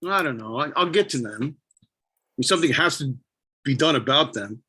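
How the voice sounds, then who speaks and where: A man's voice: mid-range voice, lively intonation, moderate pace, sharp tone, slightly rough. A man giving a spoken-word poetry performance, brooding and self-questioning with a wry edge. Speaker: poet.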